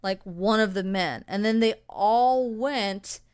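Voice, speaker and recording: A woman co-hosting a podcast in casual chat, telling stories in a rambling, profane way with quick tangents. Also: medium pitch, a little mellow, smooth. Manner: mock voices and tangents while telling ghost stories. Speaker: podcast co-host.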